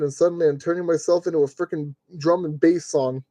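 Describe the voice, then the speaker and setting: A man's voice: a little high, fairly even intonation, a little fast, hardly any pauses, warm tone, dry recording, muffled recording. A man talking to himself as he streams a model kit build, grumbling at fiddly parts and cracking jokes as he works. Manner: grumbling, joking self-talk while working. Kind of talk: live-stream building commentary.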